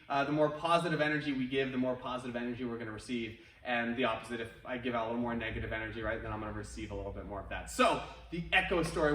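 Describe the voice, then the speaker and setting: A man's voice: mid-range voice, fairly bright tone, a little hiss or hum. A man teaching an online martial arts class, upbeat and encouraging, with chatty asides, talking through a face mask. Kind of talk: online workout class instruction. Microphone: wears a face mask while talking. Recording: roomy echo, distant from mic.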